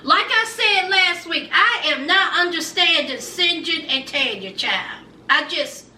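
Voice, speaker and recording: A woman hosting a casual reality TV recap, telling the story in a sassy, animated way and talking straight to her viewers. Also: very high-pitched, unhurried. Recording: roomy, distant mic with faint background noise.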